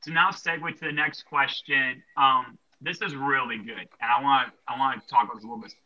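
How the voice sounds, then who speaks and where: A man's voice: mid-range voice, steady tone, brisk, sharp tone, poor audio. A young man hosting a casual Christian podcast, talking earnestly and rambling with lots of fillers and restarts. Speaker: podcast host.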